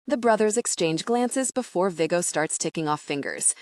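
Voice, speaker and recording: A woman reading a first-person romance novel aloud in steady, even audiobook narration. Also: lowish voice, moderate pace, few pauses, no echo, clean studio sound.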